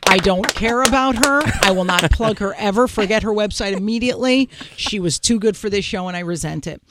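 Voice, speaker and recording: A woman hosting a radio talk show, brash and crude, quick to laugh. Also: mid-range voice, noisy background. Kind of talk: bawdy comedic radio talk.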